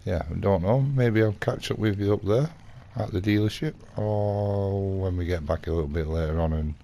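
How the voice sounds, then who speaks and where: A man with a very low, gravelly voice tells a rambling, indignant story in character while playing. He trails off and restarts often, and there's a faint hiss under him. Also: moderate pace, warm tone. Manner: rambling, indignant anecdote telling with acted quotes. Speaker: gaming vlogger. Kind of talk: casual in-character gameplay storytelling.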